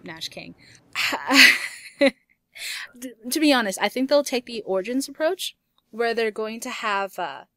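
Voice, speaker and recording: In a bright, mid-range voice, a young gaming YouTuber works through a casual Q&A. She reads out questions from viewers and responds conversationally, laughing often and cursing mildly.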